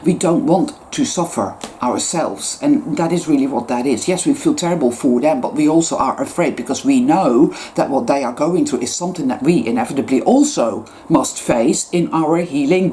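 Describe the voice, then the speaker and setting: A woman with a low, mellow voice delivers an intense spiritual monologue to her channel. She swears freely and hammers words over and over for emphasis, swinging between soft murmurs and sharp outbursts. A faint hiss of noise sits under the recording. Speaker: YouTuber.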